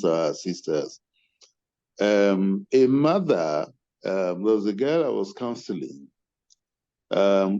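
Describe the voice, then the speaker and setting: Older man, lowish voice, mellow and dark tone, earnest measured convener, muffled video-call audio. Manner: earnest, measured, thanks attendees by name. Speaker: webinar convener. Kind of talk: closing remarks on a webinar.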